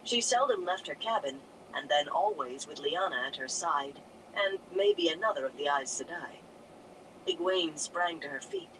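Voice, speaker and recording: A narrator telling a fantasy story aloud in a steady storytelling manner. The pitch moves a lot from phrase to phrase. A steady vehicle hum and noise sit under the reading. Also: normal speed, rough recording. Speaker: audiobook narrator.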